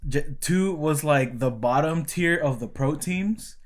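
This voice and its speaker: A man's voice: on the high side, slow. A young man co-hosting a podcast, loose and profane, explaining things step by step in casual chat. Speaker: podcast co-host.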